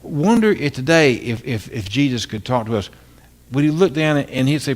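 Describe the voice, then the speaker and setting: A man's voice: mid-range voice, animated, moderate pace. An older man, a pastor, preaching an earnest, impassioned sermon full of repeated phrases and rhetorical questions.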